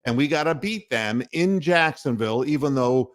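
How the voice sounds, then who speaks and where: A man's voice: medium pitch, animated, moderate pace. Male sports-talk host, heated and foul-mouthed monologue, mid-range voice. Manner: profane, sardonic, heated.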